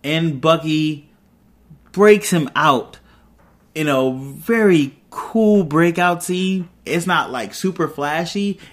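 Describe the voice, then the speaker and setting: A man's voice: fairly high pitch, takes it slowly. A man hosting a podcast, retelling a TV episode in a loose, chatty way with side comments. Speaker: podcast host. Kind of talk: casual episode recap.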